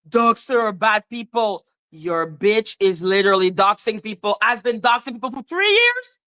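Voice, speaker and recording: A woman's voice: medium pitch, big pitch swings, normal speed, few pauses, pushed and bright, low-quality recording. Scornful, foul-mouthed woman ranting. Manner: profane, sarcastic, scornful. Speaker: commentary channel host. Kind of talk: livestream rant.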